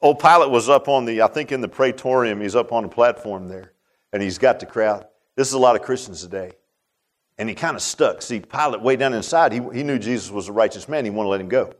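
A man preaching a sermon in a folksy way, building to loud exhortations and dropping to hushed, low tones. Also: a little fast.

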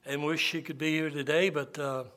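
An older man, a Baptist pastor preaching a sermon and telling folksy, animated stories. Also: fairly high pitch, moderate pace. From Southern US. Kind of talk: sermon with storytelling.

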